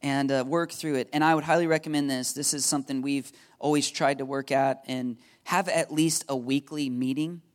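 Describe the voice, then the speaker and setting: A man from the United States preaching a sermon in an animated, joking way, often checking in with his listeners. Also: mid-range voice, normal speed, hardly any pauses. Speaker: pastor.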